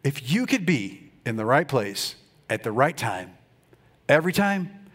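A male pastor preaching a lively sermon, calling out to his congregation and urging them to answer back. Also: medium pitch, unhurried. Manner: rousing, calls on the congregation to respond.

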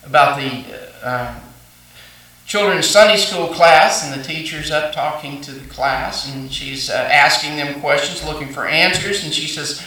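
A man's voice: fairly high pitch, unhurried, bright, forceful tone. A male pastor preaching a sermon, folksy storytelling with fillers and restarts. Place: church sanctuary. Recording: echoey church hall, mic at a distance.

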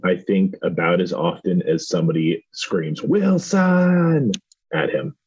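A man's voice: low voice, little pitch movement, moderate pace, darkish tone, dull audio, slight background noise. A man from Southern Indiana co-hosting a podcast, reviewing a show in casual chat and hedging with many restarts. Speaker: podcast co-host.

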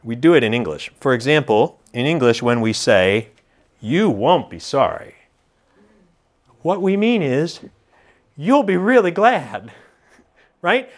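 A man preaching an expository sermon to a congregation, teacherly and animated, joking with the room. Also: a little high.

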